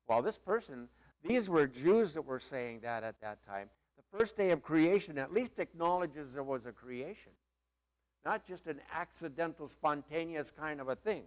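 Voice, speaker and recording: A man's voice: a little high, lively intonation, moderate pace. A middle-aged male pastor preaching a sermon in a conversational, emphatic way with playful asides.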